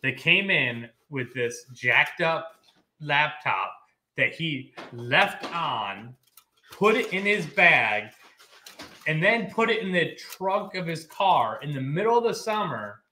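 A man's voice: fairly high pitch, animated, slow pace, pushed and bright, roomy sound, a little hiss or hum. A man hosting a casual cooking stream, telling a long-winded, rambling story from his home kitchen. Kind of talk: casual chat while cooking.

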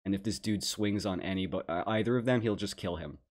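A man's voice: sits low, quick pace, darkish tone. A young man hosting a podcast, casually reacting to a clip with mocking jokes, laughs and lots of fillers. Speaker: podcast host.

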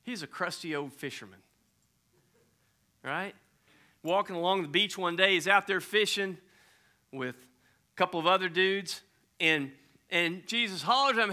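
A man's voice: sits high, unhurried, pauses often, bright, forceful tone. A man preaching a sermon, telling stories in a casual, conversational way with slang. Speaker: pastor.

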